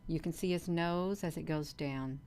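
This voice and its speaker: A woman hosting a casual livestream vlog, talking in an earnest, repetitive way with many pauses and ums. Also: sits low, darkish tone, slight background noise. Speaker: channel host.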